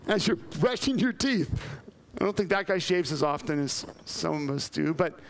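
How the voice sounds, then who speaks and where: A man's voice: sits high, unhurried, gravelly, pauses often. A male pastor preaching a sermon with emphasis, repeating phrases, running through long lists and putting direct questions to the congregation.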